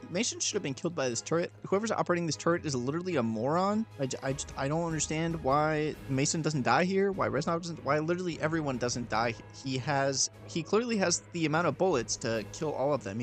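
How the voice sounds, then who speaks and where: A young man doing voice-over commentary on a video game, sarcastic and deadpan, billing characters fake medical costs. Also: a little high.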